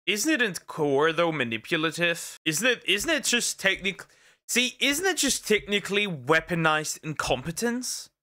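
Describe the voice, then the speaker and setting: A man chats casually while reacting to a video, stumbling over restarts and repeating phrases as he works his way to a point. His voice is bright and on the high side for a man. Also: sing-song, normal speed, no room sound, studio quality. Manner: rambling, repeats himself, many restarts. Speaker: reaction streamer.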